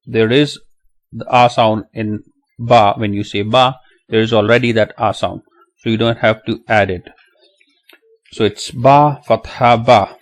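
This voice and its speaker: Slow, patient man teaching letter sounds. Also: mid-range voice. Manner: patient, repeats each sound several times. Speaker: Quran teacher. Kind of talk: slow step-by-step lesson.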